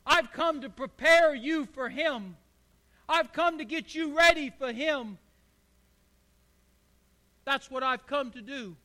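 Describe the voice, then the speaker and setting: A man's voice: very high-pitched, slow, long pauses, bright, forceful tone, pitched above the performer's own voice, exaggerated voice. A man voicing a humble male prophet who speaks earnestly and downplays himself. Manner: earnest and self-effacing.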